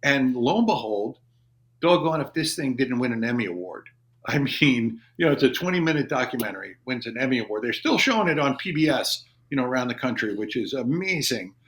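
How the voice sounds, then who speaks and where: A man's voice: mid-range voice, lively intonation, a little fast, a bit bright. A man in his fifties, an army veteran guesting on a podcast in a studio, telling long casual stories and acting out what people said to him. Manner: rambling anecdotes, acting out quoted dialogue. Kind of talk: casual storytelling.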